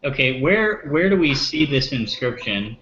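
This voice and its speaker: A man's voice: mid-range voice, very animated, unhurried, fairly bright tone. A man playing a tabletop fantasy game, speaking in a plain, matter-of-fact way. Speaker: player. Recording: lo-fi recording with clear background noise.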